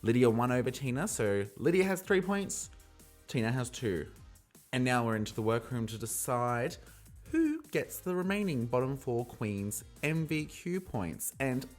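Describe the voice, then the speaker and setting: A man hosting a casual solo podcast recap, playful and animated, acting out quotes in shifting voices. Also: mid-range voice, unhurried, faint music behind. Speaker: podcast host recapping a reality show.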